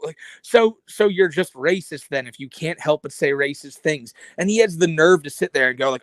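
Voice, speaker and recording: A man's voice: fairly high pitch, animated, moderate pace, fairly bright tone, no echo. Ranting man with a dry close sound. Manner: ranting, profane, mocking impressions. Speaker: podcast co-host. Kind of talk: casual chat.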